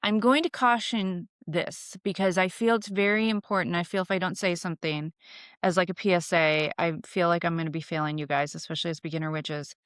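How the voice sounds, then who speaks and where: A woman's voice: lowish voice, steady tone, fairly quick, a bit bright, no room sound, clean studio sound. A young woman hosting a witchcraft podcast, telling stories and teaching in a candid, casual way, swearing freely and using many fillers. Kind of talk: casual storytelling lesson.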